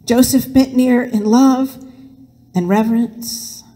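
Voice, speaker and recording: Woman pastor, slow expressive sermon storytelling, reverberant sanctuary. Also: mid-range voice. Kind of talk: sermon with dramatic reading. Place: church sanctuary.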